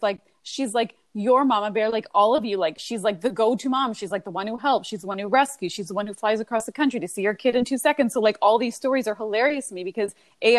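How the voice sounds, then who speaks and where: A woman's voice: a little high, dry recording. Chatty woman in a dry room. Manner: chatty, says "like" often, responsive. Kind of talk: casual chat.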